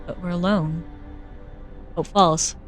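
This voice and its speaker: Animated woman streamer over game music. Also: lowish voice, slow pace. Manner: animated, reacts loudly, jokey asides. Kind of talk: casual gameplay commentary, reading game text aloud. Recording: faint game music behind.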